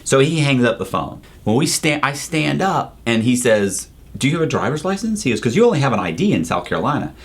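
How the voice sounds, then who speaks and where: Husky man telling a wild story. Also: medium pitch, brisk, hardly any pauses. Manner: animated, profane storytelling, acts out quoted voices, says "bro". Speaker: interview guest, former con man. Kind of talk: casual storytelling interview.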